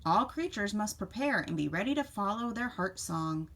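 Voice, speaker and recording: A woman voicing a calm mother deer in a storybook, speaking softly and gently. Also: mid-range voice, normal speed. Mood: gentle. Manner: soft, gentle.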